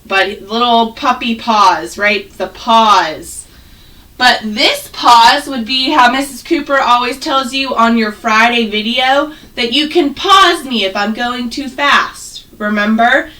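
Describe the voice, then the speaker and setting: A woman teaching first grade on a video call, sounding out words slowly and clearly for young children. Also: on the high side, sharp tone, distant mic, poor audio. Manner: slow, exaggerated sounding out of words. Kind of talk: online phonics lesson. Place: home, on a video call with students.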